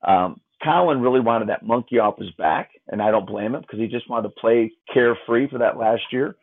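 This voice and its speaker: A middle-aged man tells a family story in an animated, conversational way, stumbling into restarts and acting out other people's lines as he goes. His voice sits at an ordinary pitch for a man. The sound comes through a thin, tinny phone-like line. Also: moderate pace. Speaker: parent of a college hockey player.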